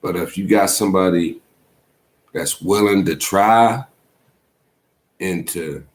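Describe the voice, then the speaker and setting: Deep-voiced man preaching in casual talk. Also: slow pace. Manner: preachy, heartfelt, repeats "man" often. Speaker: host. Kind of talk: casual monologue.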